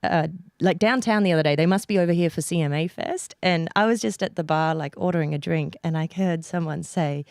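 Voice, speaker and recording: A woman's voice: sits low, a little fast, creaky, hardly any pauses, a little mellow, smooth, no room sound, clean studio sound. A woman from Australia with an Australian accent, chatting casually as a guest songwriter and laughing often as she tells stories. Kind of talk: casual chat.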